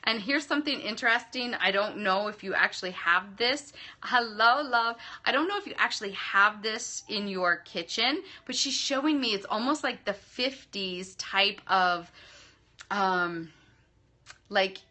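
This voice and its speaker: A woman with a bright, forward voice reads for her live-stream viewers as a psychic medium. She is effusive, laughs often and calls people darling and love. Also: mid-range voice, animated, measured pace. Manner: laughs often between readings.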